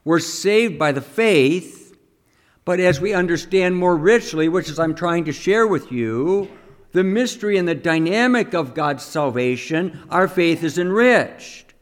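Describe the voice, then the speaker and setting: A man with a somewhat high voice delivers a teaching homily in a conversational style, often questioning his listeners. He's animated and a little slow, acting out quoted speech along the way.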